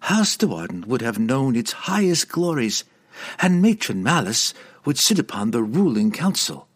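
A man's voice: medium pitch, sing-song, breathy edge, voice pushed up. A man voicing a cruel snarling elf priestess. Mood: gloating. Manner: cackling, snarling, slow and accusing. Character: cruel vengeful dark elf priestess woman. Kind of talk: audiobook character voice.

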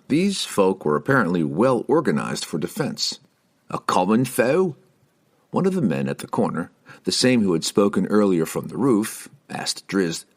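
A man narrating an audiobook in an expressive reading style. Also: deep voice, slightly rough. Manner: expressive reading, shifting into character voices.

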